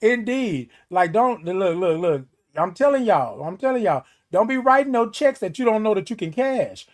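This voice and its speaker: A man hosting a casual livestream, reading viewer comments and talking to them directly in a folksy, animated way. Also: sits high, normal speed. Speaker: livestream host.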